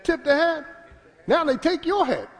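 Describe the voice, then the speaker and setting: Animated high-pitched preacher in a hall. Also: male voice, a little slow, slight background noise. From Philadelphia. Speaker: pastor. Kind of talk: sermon. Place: church sanctuary. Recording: church hall reverb.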